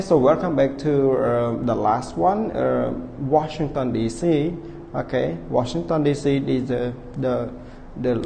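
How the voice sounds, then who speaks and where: Gravelly male teacher in an echoing room. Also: medium pitch, mellow. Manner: spells words letter by letter, keeps checking with the class; calls himself teacher, repeats words slowly. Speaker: English teacher. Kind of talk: online class lesson. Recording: reverberant room with faint background hiss.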